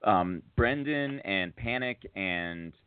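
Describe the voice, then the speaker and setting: A man on a podcast telling a long casual story, full of fillers and restarts, getting excited at the funny parts. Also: sits low, slow pace, clear, resonant tone, no room sound. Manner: rambling, filler-heavy, rises to excited laughter at funny moments. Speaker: podcast co-host. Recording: tinny phone-like audio.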